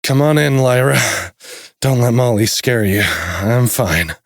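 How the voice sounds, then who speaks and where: A man voicing a worn-out young adventurer hero with a relaxed, good-natured manner in an audiobook. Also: medium pitch, measured pace, vocal fry, no echo, clean studio sound. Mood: easygoing. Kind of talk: audiobook character voice.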